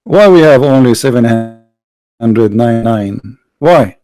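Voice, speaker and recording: A man's voice: mid-range voice, expressive, slow pace, over music, low-quality recording. A man hosting a livestream debate, mocking and sarcastic, firing off rhetorical questions in non-native English.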